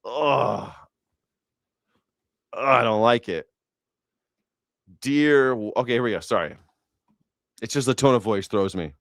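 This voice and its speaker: A man's voice: medium pitch, unhurried, pauses often, no echo, studio quality. A man hosting a news reaction show, riffing sarcastically in rambling, profane commentary. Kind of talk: casual comedic commentary.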